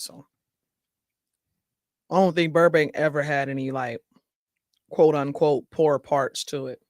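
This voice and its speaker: This show host has a somewhat high, darkish voice with a level tone, speaking at a measured pace with long pauses. Chatty and quick to laugh, he reads out viewer comments and addresses his audience directly. The studio-quality recording carries no room sound.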